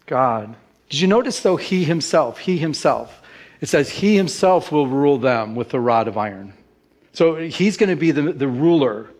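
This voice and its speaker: A middle-aged man, a pastor, preaching a sermon with lively emphasis that rises in pitch.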